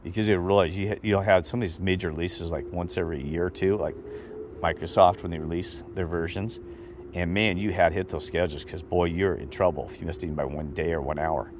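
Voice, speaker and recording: A middle-aged man telling a rambling, animated story in a casual monologue to his viewers. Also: low voice, a little fast, background noise. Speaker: vlogger.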